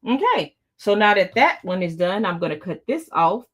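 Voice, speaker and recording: A woman's voice: medium pitch, very animated, moderate pace, fairly bright tone. A middle-aged woman hosting a casual live quilting tutorial, chatting with her viewers as she sews. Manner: chatty, talks to viewers while working. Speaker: quilting channel host.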